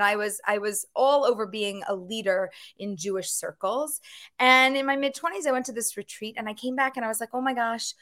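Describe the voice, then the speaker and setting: A woman from Philadelphia, a matchmaker guest on a casual podcast, bubbly and quick to laugh. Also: fairly high pitch, a bit bright. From Philadelphia, USA. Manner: bubbly, laughs often, talks in quick bursts.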